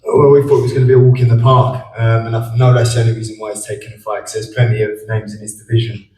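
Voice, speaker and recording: A young man, a boxer, giving measured press conference answers with many ums. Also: mid-range voice, level tone, a little mellow, slight background noise. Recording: echoey room from far off with faint ambience.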